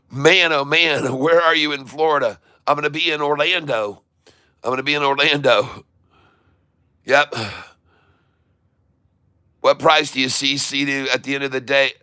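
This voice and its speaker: A man from Michigan hosting a casual live stream, excitedly reading out viewer shout-outs. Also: mid-range voice, smooth, no room sound. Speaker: livestream host. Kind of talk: casual livestream chat.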